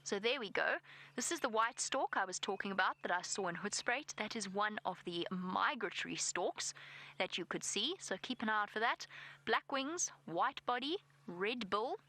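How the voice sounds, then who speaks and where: A woman's voice: mid-range voice, expressive, normal speed, pushed and bright, rough recording. A South African woman giving live safari commentary from an open vehicle outdoors, chatty and self-deprecating. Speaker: safari guide.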